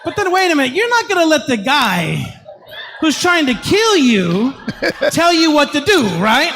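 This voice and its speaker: A man preaching as a pastor, telling a story in an animated, shouting, comic way. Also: extremely high pitch, measured pace, long reverb tail, slight background noise. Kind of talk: sermon storytelling.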